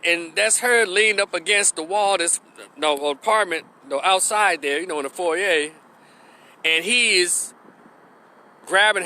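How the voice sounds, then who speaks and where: A man telling a story on his YouTube channel in a rambling, profane, animated way. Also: a little high. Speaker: YouTube creator. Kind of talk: storytime vlog.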